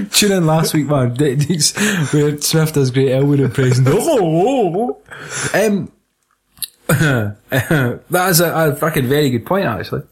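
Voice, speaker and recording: A man's voice: a little high, big pitch swings, very slow, long pauses, breathy edge. A man with a Scottish accent, co-hosting a casual film podcast, swearing and laughing through jokey banter. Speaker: podcast co-host.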